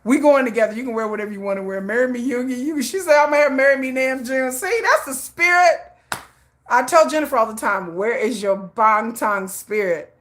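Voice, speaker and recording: A woman hosting a casual livestream, telling stories with lively swings in her voice, acting out her friend's lines and answering viewer chat. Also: sits high, fast. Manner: animated storytelling, acting out a friend's lines, frequent laughs. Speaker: livestream host.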